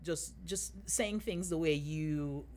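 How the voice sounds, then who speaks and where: A woman from Jamaica with a Jamaican accent, a guest in a casual chat, speaking reflectively and thinking out loud as she goes. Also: low voice, takes it slowly. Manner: reflective, thinks aloud with many fillers and restarts.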